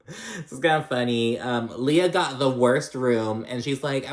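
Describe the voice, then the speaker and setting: A man's voice: mid-range voice, measured pace, echoey room. A man casually recapping a reality show, gossipy and full of fillers, acting out the cast's lines with sass. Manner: gossipy, filler-heavy, mimics cast with sassy quotes.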